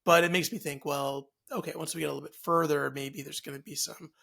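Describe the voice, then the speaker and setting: Speaking fast, this podcast co-host chats about the news in a loose, rambling way, full of fillers, restarts, and self-corrections as he circles back on his thoughts. His voice is a bit high, with a constant gravelly fry.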